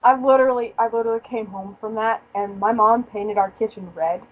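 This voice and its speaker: A woman's voice: a little high, steady tone, brisk, narrow, tinny audio. Profane, joking young woman telling stories. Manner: profane, joking storyteller who laughs often. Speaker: podcast host. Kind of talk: casual chat.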